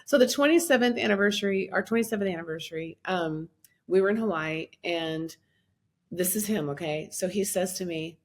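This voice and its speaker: A woman in her fifties telling her story as a podcast guest, animated, acting out her own past words with a lifted voice and laughing often as she talks. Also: lowish voice, a little fast. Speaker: guest, minister and life coach. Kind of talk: personal storytelling in a podcast interview.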